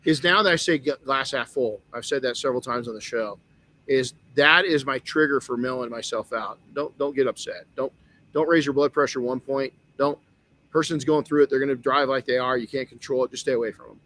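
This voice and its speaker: Man, middle-aged, podcast host, earnest storytelling, stumbling restarts, mid pitch. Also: fairly quick, fairly bright tone. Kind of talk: motivational podcast talk.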